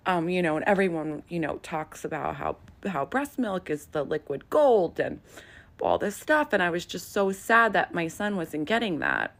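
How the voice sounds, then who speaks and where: Low, drawling woman with vocal fry. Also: very animated, moderate pace, fairly bright tone. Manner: drawling, peppered with "like" and "um". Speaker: vlogger. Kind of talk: casual confessional vlog talk. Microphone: handheld phone.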